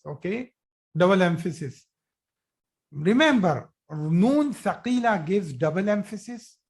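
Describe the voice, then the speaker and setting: Slow, patient male Arabic teacher. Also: sits high, darkish tone. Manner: slow, patient, praising students often. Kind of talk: live online lesson.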